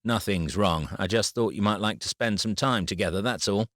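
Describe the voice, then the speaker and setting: A man reads a groggy father, sleepy and hesitant. His voice is deep. The sound is dry and close. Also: normal speed, fairly bright tone, dry recording, close to an everyday voice. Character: tired, groggy single father.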